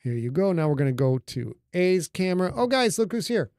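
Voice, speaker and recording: A man's voice: high-pitched, sing-song, fairly quick, darkish tone, clear, resonant tone, no echo, studio quality. A middle-aged man hosting a casual livestream, talking loosely and joking with his audience. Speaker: livestream host and author. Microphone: studio microphone.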